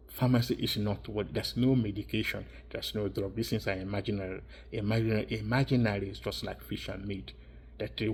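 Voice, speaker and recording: A man's voice: on the low side, darkish tone, breathy edge. A man giving a rambling, insistent monologue, repeating and restarting his phrases as he circles his points. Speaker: vlogger.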